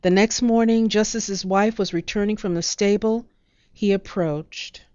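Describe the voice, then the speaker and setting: Woman storyteller, measured and expressive, smooth and dry. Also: medium pitch, no echo, lo-fi sound. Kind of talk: storybook narration.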